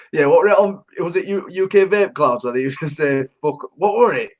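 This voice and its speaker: A man co-hosting a vaping podcast in casual, sweary banter, laughing often and greeting the live chat. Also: high voice.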